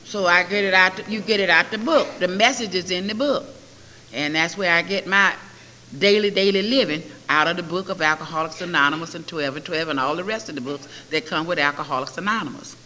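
A woman's voice: lowish voice, fast talker. Older woman telling her story in a hall. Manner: storytelling, quotes others in lively voices. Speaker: recovery meeting speaker. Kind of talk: personal testimony. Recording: echoey hall with faint hiss.

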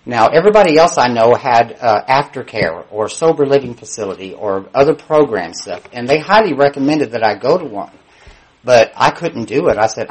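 A man sharing his recovery story in front of a meeting. He talks candidly and pokes fun at himself, and he slips into livelier, higher voices when quoting people. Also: animated, moderate pace, rough recording. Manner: candid, self-mocking storytelling with voiced quotes; shifts pitch up and gets louder when mimicking others. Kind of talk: personal testimony.

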